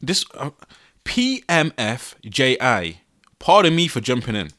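Young male podcast host, bright voice, animated and exasperated, laughs often. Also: medium pitch, measured pace. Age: 20s. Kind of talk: casual solo podcast. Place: his bedroom.

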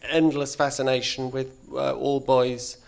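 A man's voice: mid-range voice, flat delivery, slow, creaky. A man with an English accent, a guest on a live panel, talking in a rambling, self-interrupting way. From England.

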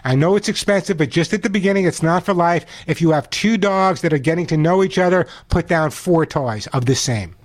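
A man hosting a call-in pet advice radio show, talking in a chatty, energetic way and giving out the phone number slowly. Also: on the high side.

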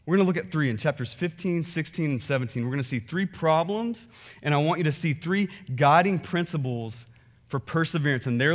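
Animated conversational male preacher. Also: a little high. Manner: animated and conversational, acting out worshippers and quoting scripture. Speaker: pastor. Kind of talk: sermon.

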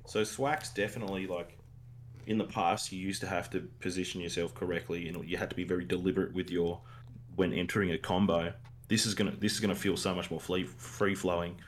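A very deep-voiced Australian man chatting about video games on a podcast, excitable and full of laid-back slang. A faint hiss of noise sits under his voice. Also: fairly quick. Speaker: podcast co-host. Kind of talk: casual gaming chat.

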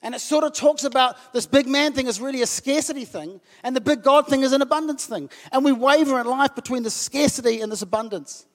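A man from New Zealand preaches in a conversational sermon style and slips into emotional outbursts. His voice sits very high. It rings with a long reverb from a church hall. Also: a little fast, hardly any pauses, fairly bright tone. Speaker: pastor. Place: church hall with about a hundred people.

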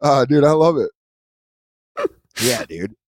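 A man hosting a casual chat, telling animated stories with casual swearing. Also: medium pitch, slow, no echo, clean studio sound. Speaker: podcast host.

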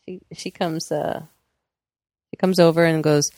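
A woman co-hosting a casual podcast, her voice a bit low with a gravelly fry. She tells stories with a laugh and slips into quick impressions of the people in them. The sound is dry and close. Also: steady tone, darkish tone, no room sound. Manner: laughs often, acts out quoted voices. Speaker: podcast co-host. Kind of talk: casual storytelling chat.

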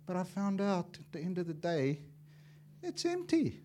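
A man preaching a sermon as an evangelist, impassioned and swinging from loud to hushed, acting out little dialogues as he tells stories. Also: high-pitched, big pitch swings, moderate pace, a little hiss or hum. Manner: acts out dialogue in storytelling.

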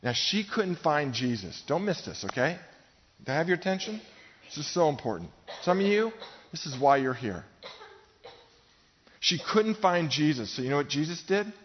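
A man's voice: a little high, big pitch swings, normal speed, pauses often, a little hiss or hum. A middle-aged male pastor preaching a sermon in a large gym, speaking emphatically and directly to his congregation. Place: large gym used for church services. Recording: long hall reverb, dull sound.

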